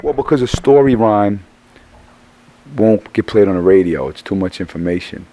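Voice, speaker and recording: A middle-aged man with a low, worn voice, tired and hoarse after performing. He rambles through a casual interview, stammering and restarting phrases and swearing freely. His pitch sits low throughout. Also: lively intonation, moderate pace, dark tone. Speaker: rapper guest.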